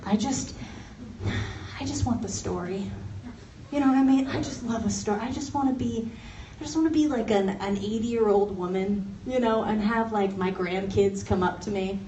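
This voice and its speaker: A fairly high, darkish-toned female voice belongs to a young stand-up comic from Los Angeles, riffing in a chatty, self-mocking way and laughing through her jokes. The venue is an office made over for comedy, and the audio comes from a mic set far back in the large, noisy room.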